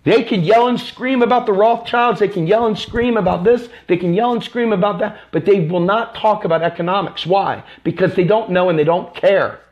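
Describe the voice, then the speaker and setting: A man's voice: high voice, moderate pace, few pauses, darkish tone, dull audio. A man from the United States hosting a live stream. He delivers an impassioned, angry political rant that is repetitive and profane.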